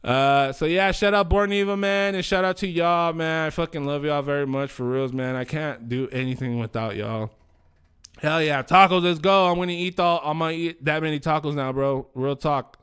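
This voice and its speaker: A man's voice: fairly high pitch, normal speed, a bit bright, clear, resonant tone. A man hosting a livestream, chatting casually slang, swearing and rambling. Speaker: livestream host.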